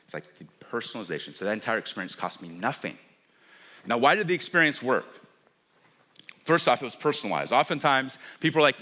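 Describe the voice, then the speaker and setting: Animated bright-voiced man telling a story. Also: mid-range voice, brisk. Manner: animated, acts out dialogue with quoted voices. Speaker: keynote speaker. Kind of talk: storytelling keynote talk. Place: conference stage.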